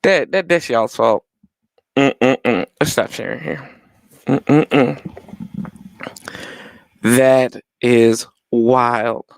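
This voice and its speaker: A young man hosting a live watch-party stream, chatting casually with his viewers and laughing loudly. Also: medium pitch, very slow, gravelly, pauses often, clean tone, no echo, studio quality. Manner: animated, laughs loudly, talks to chat.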